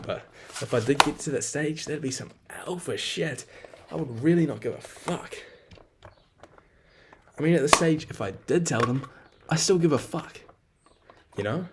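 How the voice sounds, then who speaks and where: A man's voice: mid-range voice, heavy background noise. A young man talking through a rambling, frank personal monologue, swearing freely and poking fun at himself. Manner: rambling, swears a lot, frank and self-deprecating.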